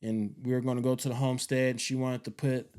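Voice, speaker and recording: Male vlog host, 30s, mellow smooth voice, casual rambling delivery with slang. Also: mid-range voice, little pitch movement, fast. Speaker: homestead channel host.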